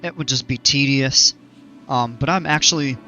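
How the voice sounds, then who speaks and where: A man thinks aloud as he streams a park-building game, circling back with fillers and self-corrections. His voice is bright and pointed. The recording is a bit dull, with faint music underneath. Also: medium pitch, moderate pace. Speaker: gaming streamer. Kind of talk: casual gameplay commentary.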